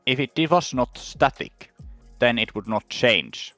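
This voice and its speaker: A man in casual stream chat who explains things in a patient, measured way. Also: mid-range voice, lively intonation, fairly bright tone, no room sound, soft background music.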